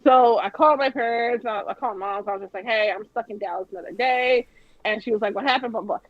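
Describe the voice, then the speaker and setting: A woman with a husky, slightly raspy voice tells a lively story, swearing freely and mimicking the people she quotes. The sound is dry and dull, like lo-fi stream audio. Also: fairly high pitch, fast talker, dry recording. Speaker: guest. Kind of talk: casual storytelling on a podcast.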